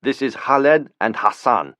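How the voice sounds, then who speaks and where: A man voicing a cold, measured male terrorist leader. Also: medium pitch, lively intonation, bright, forceful tone, no room sound, studio quality, pitched above the performer's own voice. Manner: measured, commanding.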